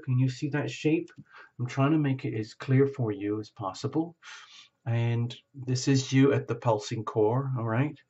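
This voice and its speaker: A man's voice: medium pitch, a little mellow, lo-fi sound. A man giving a reflective spoken tarot reading, often checking in with the listener. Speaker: tarot reader.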